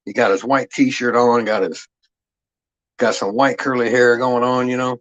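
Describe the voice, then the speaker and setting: A man's voice: medium pitch, little pitch movement, a little slow, highs cut off. A man hosting a livestream, telling stories to his chat in a profane, rambling, streetwise way. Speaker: livestream host. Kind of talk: casual livestream storytelling.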